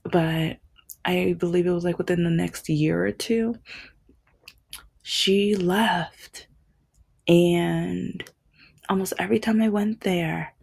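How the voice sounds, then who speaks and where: A woman's voice: fairly low pitch, gravelly, darkish tone, slightly rough. A woman vlogging in a casual, rambling monologue full of fillers and restarts.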